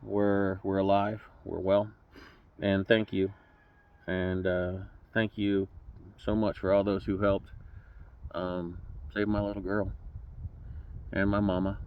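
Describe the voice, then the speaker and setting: Man, low voice, emotional, folksy campaign talk, slightly dull lo-fi audio. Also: slight background noise. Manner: folksy, fervent, repeats words as he restarts. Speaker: political candidate. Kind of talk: direct-to-camera campaign address.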